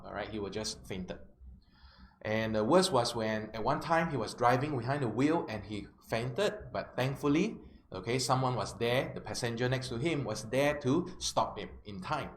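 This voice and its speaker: A man, a life coach telling a client story as a self-help lesson, often checking in with his listeners. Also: mid-range voice. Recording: roomy with faint background noise.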